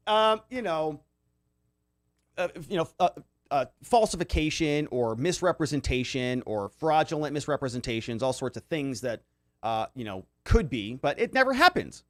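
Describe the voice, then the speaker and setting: A man's voice: on the high side, very animated, moderate pace, no echo, clean studio sound. A man hosting a casual commentary livestream, reading viewer comments aloud and reacting in a loose, conversational way with many fillers. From Arizona. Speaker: livestream host reading chat.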